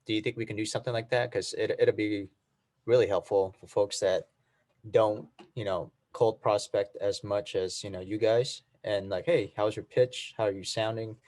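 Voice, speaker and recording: A man in a training session answering and asking questions hesitantly, with many fillers and a near-monotone delivery. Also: lowish voice, normal speed. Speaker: trainee agent. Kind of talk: group discussion.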